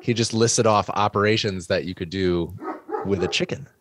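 A man speaking as a guest in a casual debate, making an energetic, argumentative case point by point. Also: lowish voice, normal speed, slight background noise. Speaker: guest defending chickens.

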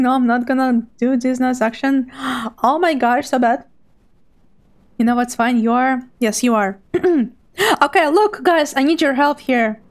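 Giggly woman streamer with a high voice, chatting to chat all jittery and bubbly into her stream mic. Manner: bubbly, giggly, nervously excited. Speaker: live streamer. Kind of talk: casual live-stream chat with viewers. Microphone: streaming microphone.

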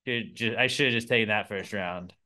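A young man hosting a casual podcast chat, jokey and animated, jumping between loud bursts and low mutters. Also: moderate pace. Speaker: podcast host.

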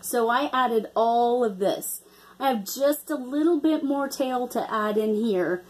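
A woman's voice: a little high, measured pace, a little hiss or hum. A woman chatting casually in a craft vlog, hesitant with many ums and restarts. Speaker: cross-stitch vlogger.

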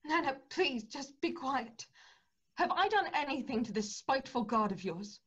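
A woman's voice: high voice, lively intonation, normal speed, fairly bright tone, dull audio. An actress playing an anxious young woman who runs a household, speaking in a worried, pleading way.

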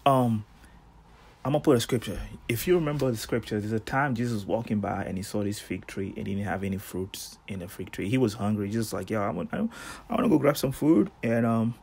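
Casting: man, husky voice, relaxed devotional preacher, lively storyteller. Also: fairly low pitch, quick pace. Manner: animated storytelling, slangy asides, laughs. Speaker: devotional host. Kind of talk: casual devotional sermon.

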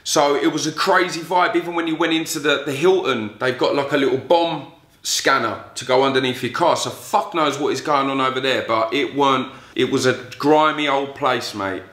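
Guy swearing through a story, bright punchy voice, roomy echo. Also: mid-range voice, moderate pace. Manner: profane, blunt storytelling. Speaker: vlogger. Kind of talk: storytelling vlog.

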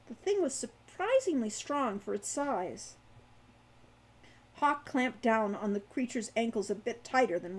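A woman reading her own young adult fantasy novel aloud in a lively storytelling way. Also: fairly high pitch. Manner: animated narration.

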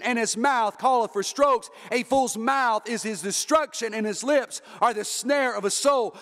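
A pastor preaching a sermon, with emphatic rises and drops and repeated phrases. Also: male voice, very high voice, a bit bright. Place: church sanctuary. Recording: reverberant church hall.

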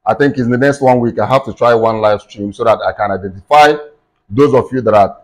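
A man hosting a screen-recorded software tutorial, explaining steps in plain instructive talk with frequent fillers like "okay" and "um". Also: lowish voice, a little fast, rough recording. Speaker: tech tutorial host.

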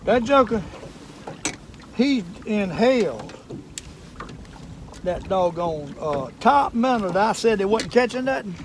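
An older man with a drawl gives folksy, chatty running commentary from a fishing boat, repeating himself when he gets excited. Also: high voice, takes it slowly, pauses often. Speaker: fishing show host. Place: on a fishing boat on a lake, outdoors. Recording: wind and boat noise outdoors.

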